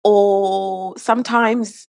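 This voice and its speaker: A woman guest on a podcast, talking in a casual, hesitant way with many pauses. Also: medium pitch, steady tone, a little mellow, no room sound. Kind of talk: casual interview chat.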